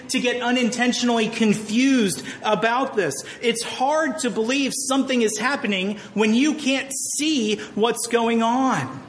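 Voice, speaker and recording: A middle-aged man preaching a sermon in a conversational, joking style, telling stories with animated energy. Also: high voice, slight background noise. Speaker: pastor.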